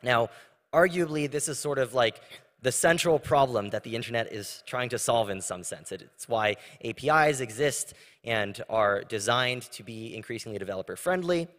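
A man's voice: mid-range voice, normal speed, a bit bright. A young man giving a technical conference talk in a large hall, speaking casually with many fillers and restarts. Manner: casual, conversational with frequent fillers. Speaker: conference presenter. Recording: long reverb of a large hall.

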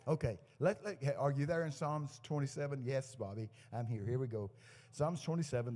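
A guest preacher with a medium-pitched voice speaks at a moderate pace during a church service, delivering a storytelling sermon to a live congregation. He tells folksy anecdotes and acts out their dialogue with lively quoted lines, and the echoey church hall carries his words.

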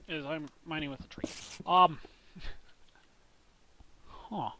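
Young male gamer, slightly high voice, jokey and meandering, noisy home recording. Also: fairly even intonation, drawn-out words, sharp tone. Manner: rambling, goofy, talks to himself and the viewers. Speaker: let's play gamer. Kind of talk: casual gameplay commentary.

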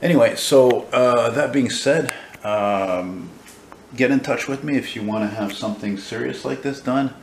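A man's voice: mid-range voice, unhurried, slight background noise, low-quality recording. A man, chatting in a rambling, filler-heavy way as he talks to a handheld camera in his studio. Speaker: painter vlogger. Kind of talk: casual handheld vlog chat. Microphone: handheld camera mic.

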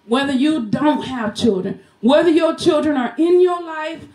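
A woman's voice: high voice, normal speed, darkish tone. A woman preaching a Mother's Day sermon in a home church, fervent, sometimes singing and laughing as she talks. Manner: fervent, breaks into song, laughs while preaching. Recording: echoey room.

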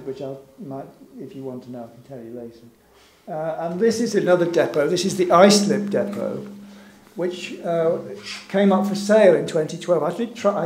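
Guy giving a talk at a gallery, kinda high voice, lots of ums, chuckles a lot, roomy echo. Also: a little mellow. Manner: hesitant, many fillers, wry and chuckling. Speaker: invited speaker. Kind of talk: informal public talk over slides. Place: gallery event room. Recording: echoey room with faint background hum.

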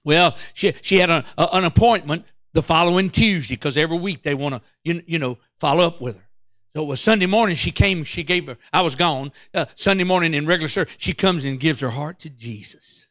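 A male pastor, telling a story in an excitable, stammering sermon that breaks into song. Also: fairly high pitch, fairly quick, no echo, clean studio sound.

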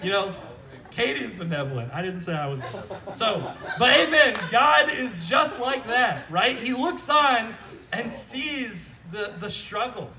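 An unhurried man with a high voice leads an outdoor church service as pastor, heard at a distance from the microphone. His sermon is conversational, animated and joking, punctuated by repeated checks of "right?"

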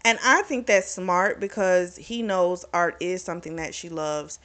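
A woman's voice: fairly low pitch, steady tone, measured pace, a bit bright. A woman casually recapping a novel's plot for her book channel, talking loosely with plenty of fillers. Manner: chatty, retells scenes with lots of fillers. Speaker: book reviewer.

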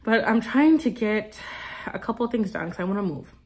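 A woman's voice: medium pitch, lively intonation, fairly quick, darkish tone. A woman in her twenties chatting casually in a vlog, rambling with many fillers and cooing to her pet. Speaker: vlogger.

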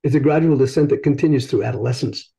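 A man's voice: mid-range voice, quick pace, vocal fry, warm tone. An older man, an invited speaker, answering questions in a discussion after his talk, explaining thoughtfully and searching for his words.

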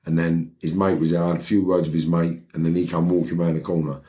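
A man's voice: low-pitched, flat delivery, fast talker, warm tone. A middle-aged man with a London accent, a podcast guest telling a story in a blunt, streetwise, rambling way, checking in with "right?" as he goes. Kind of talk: casual storytelling in a podcast interview.

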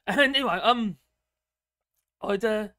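A man hosting a livestream, chatting casually and excitably with viewers and reading the comments. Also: sits high, slow, dry recording, studio quality. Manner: excitable, exclaims often, rambling. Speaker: livestream host.

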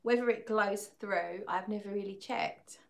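A woman's voice: mid-range voice, fairly even intonation, unhurried, vocal fry. A woman chats casually on a livestream, laughing often and reading viewers' comments aloud. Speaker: fragrance livestream host.

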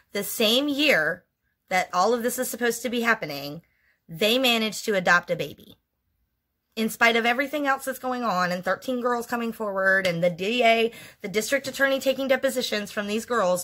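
A woman's voice: lowish voice, bright, forceful tone. A woman in her forties telling a painful personal story in a candid vlog, blunt and emotionally raw, with frequent swearing.

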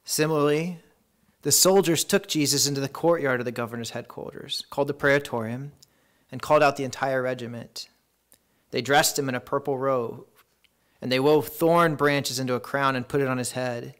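Man, pastor, sermon, dramatic scripture reading, middle-pitched voice, slows for emphasis, drops to hushed tones.

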